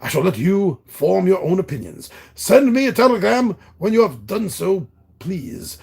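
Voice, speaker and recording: A man's voice: high-pitched, big pitch swings, unhurried, creaky, a little mellow, breathy edge, exaggerated voice. A man voicing an old male friend who reads out a formal letter in a put-on foreign accent. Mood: earnest.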